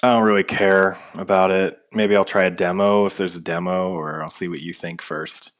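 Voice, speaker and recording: Unimpressed low-voiced man. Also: steady tone, moderate pace. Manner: dismissive, unimpressed. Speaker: podcast co-host. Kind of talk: casual chat.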